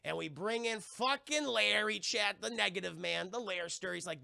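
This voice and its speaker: Animated man, high gravelly voice, casual streamer recap, dry close mic. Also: normal speed, no room sound. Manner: animated, swearing, acts out quoted lines, addresses chat. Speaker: TV review streamer.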